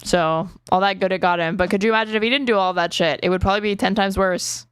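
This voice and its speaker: A woman's voice: medium pitch, quick pace, clear, resonant tone, no room sound, clean studio sound. A woman hosting a reaction stream, ranting in an exasperated, profane way as she comments. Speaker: streamer host.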